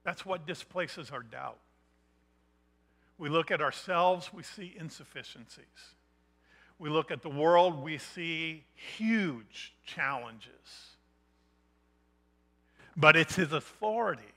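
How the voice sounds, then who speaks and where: A middle-aged man preaching a missions sermon, building emphatic points that rise to loud declarations. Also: a little high, lively intonation, takes it slowly, pauses often.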